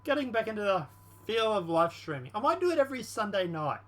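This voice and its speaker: A man's voice: high voice, sing-song, fast talker, a bit bright. A man casually commenting on politics in a rambling, slangy vlog. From Australia. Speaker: channel host.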